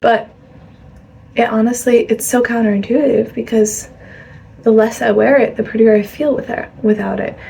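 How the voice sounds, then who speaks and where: A woman's voice: on the high side, fairly even intonation, moderate pace, creaky, mellow, slightly rough. A young woman chatting casually in a rambling, laughing way as she vlogs her day. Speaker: vlogger. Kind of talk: casual vlog chat.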